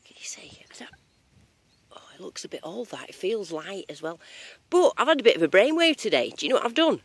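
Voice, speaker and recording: This English metal detectorist chats jokily and full of slang in a strong regional accent as she narrates an outdoor vlog in a field. Her medium-pitched voice swings widely, moves a little fast and has a breathy edge, in a dry recording.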